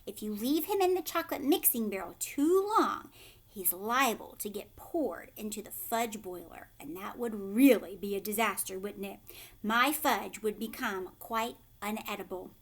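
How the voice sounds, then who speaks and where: Mr. Wonka, hushed and impish, read by a woman. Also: mid-range voice, moderate pace, close to an everyday voice. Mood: playful. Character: whimsical giggling male chocolate maker, eccentric.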